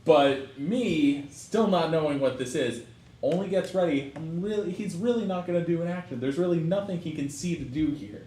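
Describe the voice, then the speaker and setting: A man's voice: on the high side, moderate pace, mellow. Man playing a tabletop game, distant roomy sound. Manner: rambling in-character narration. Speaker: player. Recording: roomy, distant mic with faint noise.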